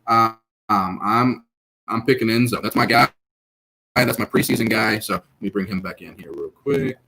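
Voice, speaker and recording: A man co-hosting a casual online recap show, talking over a video call and acting out lines with lively energy. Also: fairly low pitch, normal speed, creaky, a little hiss or hum. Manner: animated, acts out quotes, laughs. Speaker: podcast co-host.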